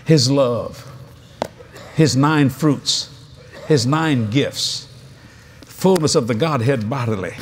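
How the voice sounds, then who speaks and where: A man's voice: mid-range voice, slight background noise. A male preacher delivering a convention sermon, telling stories animatedly with laughs and asides.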